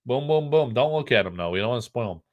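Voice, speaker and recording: A man's voice: medium pitch, expressive, fast, highs cut off. A middle-aged man from the United States hosting a casual live stream, joking, rambling and reading the chat aloud.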